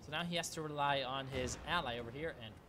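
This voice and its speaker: A man giving live commentary on a strategy game match, excitable and swearing freely, often breaking into laughter. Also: medium pitch, quick pace, background noise. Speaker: game caster.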